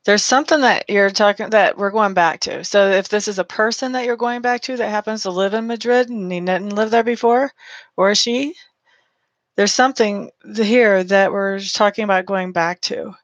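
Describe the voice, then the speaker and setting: On a lo-fi, echo-free recording, a woman with a mid-range voice and moderate pace gives a live-streamed tarot reading. She's chatty and affectionate, calling listeners honey and reading out viewer comments.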